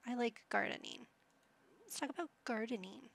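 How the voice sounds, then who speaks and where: A woman's voice: fairly high pitch, moderate pace, vocal fry. A young woman casually commentating a life-sim game, teasing and chatting to her characters. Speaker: gaming channel host. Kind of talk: casual let's-play commentary.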